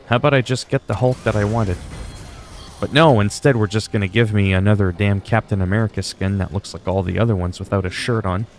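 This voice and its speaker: A man's voice: fairly low pitch, brisk, soft background music. A man chatting casually on a game livestream, rambling and swearing freely. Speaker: game streamer.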